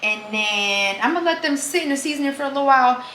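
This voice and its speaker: A woman's voice: sits high, expressive, fast, fairly bright tone, a little hiss or hum. A pregnant woman vlogging as she cooks in her kitchen, chatting casually and calling her viewers "girl" and "y'all.". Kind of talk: casual chat while cooking. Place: home kitchen.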